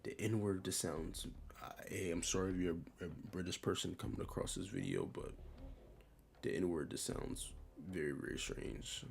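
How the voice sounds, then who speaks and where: A man's voice: low-pitched, steady tone, normal speed, vocal fry. A young man giving casual, rambling commentary while ranking a tier list, in a slangy and offhand way.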